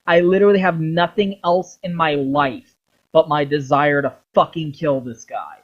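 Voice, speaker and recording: A man voicing a drained, hate-driven young warrior who talks flat and grim, on a dull lo-fi recording. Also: a little high, moderate pace, close to an everyday voice.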